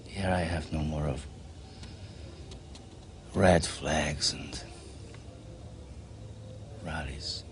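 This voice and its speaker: Brief: a Polish migrant, deep voice, unhurried broken English, film drama. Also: male voice, a little hiss or hum, exaggerated voice. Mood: sombre. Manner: broken English, brooding then boisterous. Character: Polish immigrant man in 1950s Australia, bitter, drinking.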